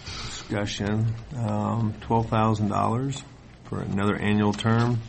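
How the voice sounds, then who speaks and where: A man chairing a county board meeting, brisk and procedural with a dry sense of humor. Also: on the low side, level tone, gravelly, background noise. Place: public meeting room.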